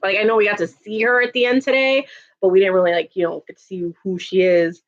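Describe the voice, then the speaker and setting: A woman's voice: mid-range voice, fairly even intonation, fast, dull audio. A woman in her thirties chatting casually on a live stream, laughing often and answering viewer comments.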